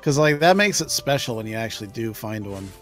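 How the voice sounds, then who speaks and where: A woman live streaming a game, excitable and swearing, laughing and yelling at what happens on screen. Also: very deep voice, brisk, soft background music. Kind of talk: casual gameplay commentary.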